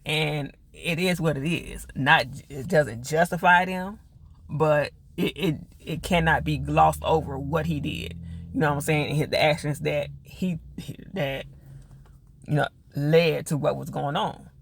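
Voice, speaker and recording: Gravelly man chatting through a TV recap. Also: a little high, a little slow, slight background noise. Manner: chatty slangy retelling, lots of fillers. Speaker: TV reviewer. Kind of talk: casual TV episode recap.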